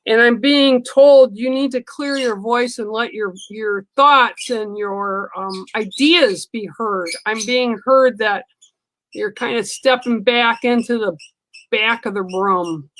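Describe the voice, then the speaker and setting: A woman doing spiritual card readings on a livestream, talking slowly with many ums and pauses. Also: on the high side, a bit bright, slight background noise, poor audio. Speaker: livestream psychic reader.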